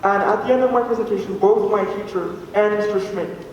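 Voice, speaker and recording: Teen guy giving a talk in a big hall, high voice, lots of ums and restarts, mic way off, echoey. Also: steady tone, muffled recording. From Alberta, Canada. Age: teens. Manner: earnest, halting, with many fillers and restarts. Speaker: student speaker. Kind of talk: personal story told to an audience. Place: large hall with an audience. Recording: echoey hall from far off, faint noise.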